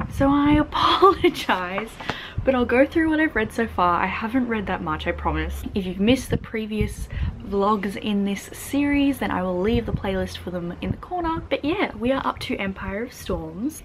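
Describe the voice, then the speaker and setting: A woman's voice: a little high, background noise. A young woman chatting casually in a reading vlog, gushing and giggling as she talks about her book. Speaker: book vlogger.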